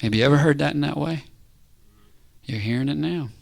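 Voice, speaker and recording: A man preaching a casual, conversational sermon, animated and constantly checking in with his listeners. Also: a little high, fairly quick, creaky. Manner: animated, conversational, keeps asking "right?".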